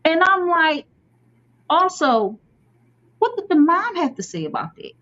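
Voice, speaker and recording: A woman's voice: very high voice, a little slow. A woman hosting a casual talk show, telling stories expressively. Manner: expressive storyteller. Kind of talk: casual chat. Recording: slightly dull lo-fi sound.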